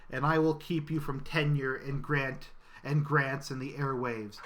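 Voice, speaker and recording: A man voicing a pompous, wrathful male bureaucrat god who booms grandiose proclamations. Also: steady tone, unhurried, fairly bright tone, close to an everyday voice.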